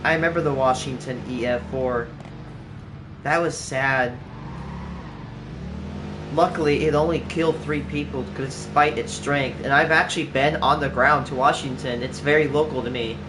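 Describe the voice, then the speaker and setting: A man's voice: medium pitch, steady tone, normal speed, noisy background. A man chatting casually on a livestream while he plays, rambling with lots of "like" and restarts. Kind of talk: casual chat while playing a game on stream. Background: clear background music.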